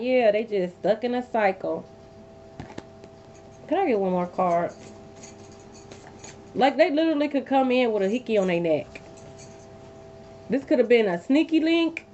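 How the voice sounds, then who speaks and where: A woman doing a casual tarot reading, telling a story in a blunt, emphatic, profane way. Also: darkish tone. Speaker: tarot reader. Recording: dull lo-fi with faint rumble.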